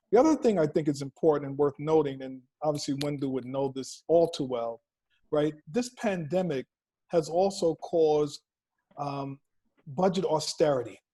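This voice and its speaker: A man speaking on a panel over a video call, measured, often checking in with "right?". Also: a little high, warm tone, poor audio. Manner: measured, asks listeners to agree with "right?". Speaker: panelist from a nonprofit.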